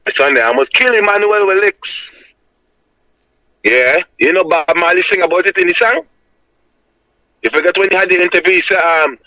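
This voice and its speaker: A Jamaican man with a high, bright, forceful voice reasons like a preacher, driving each point home with insistent emphasis. The sound is dry and close, with no room around him. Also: no echo, rough recording. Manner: emphatic and insistent, repeating "my lad" as a tag.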